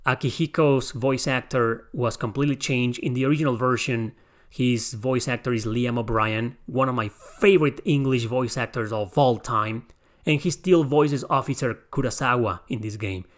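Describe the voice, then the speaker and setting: Speaking at normal speed in a mid-range voice, a young podcast host gives a casual review of a game remake, rambling through his views and frequently correcting himself partway through sentences.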